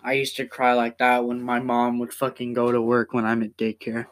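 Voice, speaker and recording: A young man hosting a casual podcast from home, rambling and swearing as he talks in quick bursts. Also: mid-range voice, monotone. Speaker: podcast host.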